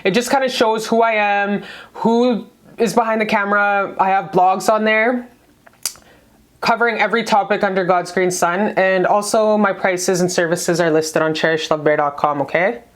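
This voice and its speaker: A woman's voice: medium pitch, fairly even intonation, moderate pace. A woman hosting a casual online tarot reading, talking to her viewers in a gushing, affectionate, slangy and frank way. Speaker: tarot reader.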